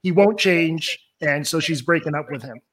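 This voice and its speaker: A man hosting a casual podcast interview. He speaks in a playful, joking way and reacts with quick remarks. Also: on the high side, fairly bright tone. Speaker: podcast host.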